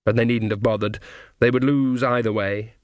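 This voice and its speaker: A man narrating a comic fantasy audiobook in measured scripted narration. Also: mid-range voice, fairly even intonation, no echo, studio quality.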